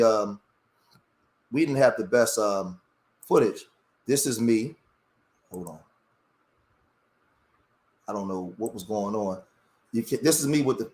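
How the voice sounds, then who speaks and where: A man talking on a live stream, impassioned and rambling, often restarting his sentences. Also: mid-range voice. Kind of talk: emotional live-stream talk. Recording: roomy echo.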